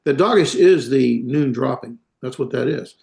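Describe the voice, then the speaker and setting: A man teaching a class, talking in a halting way with many fillers and self-corrections. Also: medium pitch, creaky, darkish tone. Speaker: instructor. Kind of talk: classroom lecture.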